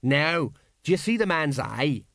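A man's voice: fairly high pitch, big pitch swings, takes it slowly, fairly bright tone, no room sound, clean studio sound, heavily acted. A man reading aloud, voicing a boastful, blustering older sergeant who wheezes and grunts with effort. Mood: strained.

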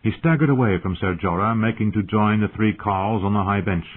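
A man narrating a fantasy audiobook in a measured, tense storytelling manner. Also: lowish voice, slightly rough. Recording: tinny phone-like audio.

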